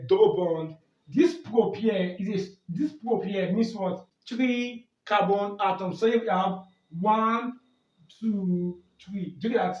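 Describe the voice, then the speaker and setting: A high-pitched man teaches a lesson, asking a question and answering it himself, then checking "do you get that?" He sounds far from the mic, in an echoey room, with a dull, muffled tone. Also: darkish tone. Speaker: chemistry tutor. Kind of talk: exam-prep lesson at a board.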